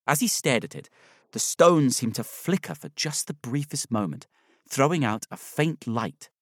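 A man narrating a children's storybook in a measured, expressive way. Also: medium pitch, no room sound, clean studio sound.

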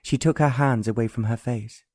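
A male narrator reading a romance audiobook in an even, unhurried way. His voice is mellow and warm at a medium pitch, recorded dry and close with no room sound. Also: no room sound. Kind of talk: scripted narration.

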